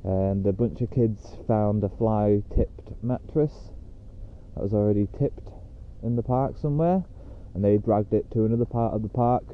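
A man's voice: lowish voice, normal speed, a little hiss or hum. A man hosting a casual solo podcast while out walking his dog, rambling chattily with lots of fillers. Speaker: podcast host. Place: outdoors on a dog walk. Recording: tinny phone-like sound.

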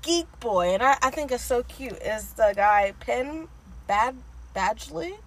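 A woman's voice: fairly high pitch, expressive, a little slow, poor audio. A woman co-hosting a podcast, gushing in casual chat and filling her talk with "like" and "um.". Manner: gushing, filler-heavy with lots of "like". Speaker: podcast co-host.

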